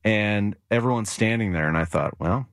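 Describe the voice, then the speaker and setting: With a lowish voice at a moderate pace and no echo, this male sports reporter shares stories in relaxed radio conversation. He brings them to life by performing the quotes he relays.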